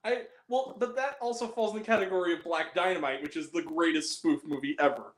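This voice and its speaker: A high-pitched man talks about movies in a loose, excitable way and laughs often. His voice rings around an echoey room. He keeps acting out lines from comedies. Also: fairly quick. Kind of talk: casual chat about movies.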